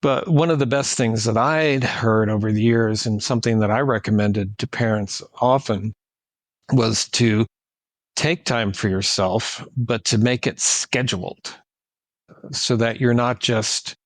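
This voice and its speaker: Co-host: a man with a mid-range voice, measured and advisory, dry close mic. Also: medium pitch, no room sound. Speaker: podcast co-host. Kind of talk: conversational podcast discussion.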